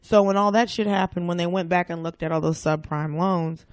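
A man talking as a guest in a casual conversation, blunt and swearing freely, in quick bursts with restarts. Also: high-pitched, steady tone, no echo, clean studio sound.

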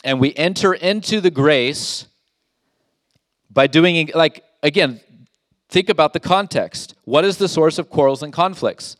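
A man's voice: a little high, expressive, a little slow, no echo, studio quality. Emphatic male pastor preaching. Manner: emphatic, rhetorical questions, reads scripture aloud. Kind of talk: sermon.

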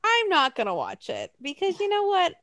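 A young woman with a high voice that leaps around as she chats, animated and profane, laughing between thoughts. The sound is close and dry. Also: moderate pace, dry recording. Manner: animated, swearing, laughing often. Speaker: podcast co-host. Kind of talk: casual chat.

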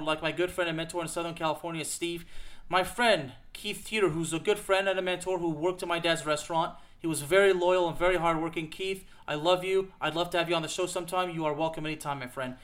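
A man's voice: on the high side, brisk, fairly bright tone. A man hosting a show, delivering an emphatic, repetitive rant about soccer and peppering it with "okay?". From United States. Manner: emphatic, repetitive, fired-up ranting with frequent "okay?". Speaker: podcast host. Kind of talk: ranting soccer commentary.

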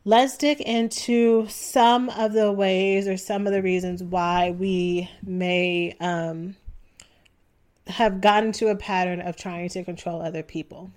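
A young adult woman hosting a solo podcast, talking casually and relaxed, with frequent ums. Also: mid-range voice, takes it slowly, faint music behind. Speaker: podcast host.

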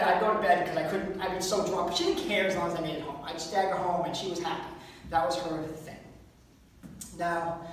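A man doing a rambling stand-up comedy set at a fundraiser, breaking into high squeaky impressions and little sung bits. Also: fairly bright tone, a little hiss or hum. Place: event room at a fundraiser. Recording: roomy hall, mic far off.

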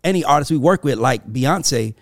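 A man's voice: animated, normal speed, no echo, studio quality. A man with a Southern accent from the American South, co-hosting a podcast in casual, emphatic chat. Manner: emphatic, storytelling, swings between low and high. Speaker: podcast co-host.

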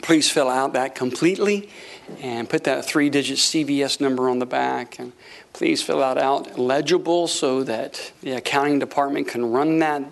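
A man preaching a sermon, telling a story with lively acted-out quotes and frequent laughter. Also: medium pitch, creaky. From Florida. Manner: animated, acts out quotes, laughs often. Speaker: pastor.

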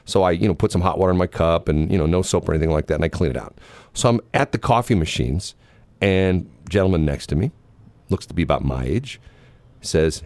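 Animated low-voiced radio host man. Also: fast, dry recording. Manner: animated storyteller, laughs often, many restarts. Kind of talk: casual on-air chat and storytelling.

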